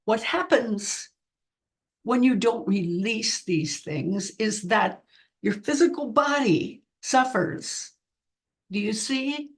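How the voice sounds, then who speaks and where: A woman speaking as a spiritual medium, delivering a channeled message in slow, earnest, halting phrases. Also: on the high side, expressive.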